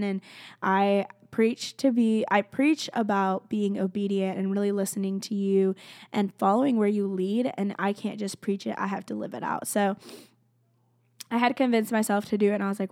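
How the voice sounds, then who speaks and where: A woman's voice: medium pitch, steady tone, normal speed, darkish tone, no echo. A young woman, a college student, sharing a personal faith testimony in casual speech. She is earnest and heartfelt, often near tears, and says "like" constantly. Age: young adult. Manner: emotional, close to tears at times.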